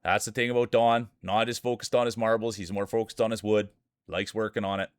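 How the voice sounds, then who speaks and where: A man with a Canadian accent from Saskatchewan, hosting a live stream and calling marble races with energetic, hyped announcer-style banter aimed at his chat. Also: on the low side, fairly quick, clean tone, dry recording, studio quality.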